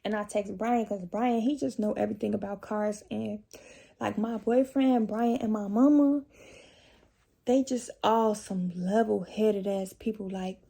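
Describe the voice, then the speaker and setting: A woman's voice: medium pitch, fairly even intonation, a little slow, gravelly, warm tone. A young woman vlogger telling a casual storytime, chatty and profane, talking straight to her viewers.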